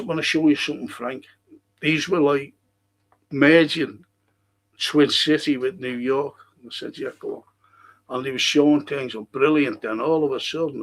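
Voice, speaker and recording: A middle-aged man from Liverpool with a Scouse accent, hosting a casual monologue, ranting and swearing, his voice shooting up when heated. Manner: ranting, swears freely, voice jumps much higher when heated. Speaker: show host.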